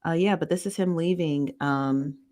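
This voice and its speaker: A woman's voice: deep voice, normal speed, a little mellow. A woman hosting a casual live stream, reading viewer comments aloud and answering them. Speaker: host reading live chat.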